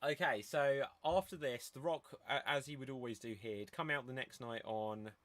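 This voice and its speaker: A man's voice: medium pitch, normal speed, a bit bright. A man hosting a casual podcast, steering the talk with questions and hesitant fillers. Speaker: podcast host.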